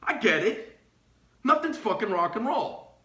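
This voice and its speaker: A man's voice: sits high, unhurried, reverberant. A middle-aged man, a knife shop owner, ranting casually with lots of profanity and restarts. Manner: profane, animated, rambling with restarts. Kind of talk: casual rant.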